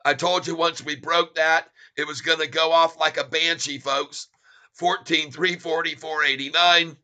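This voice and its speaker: A gleeful, excitable man narrating his stock trades live as the numbers tick by. His voice sits a little high and comes across sharp and forceful, and he keeps chuckling at the market. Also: moderate pace. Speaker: stock-trading streamer. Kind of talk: live stock-trading commentary.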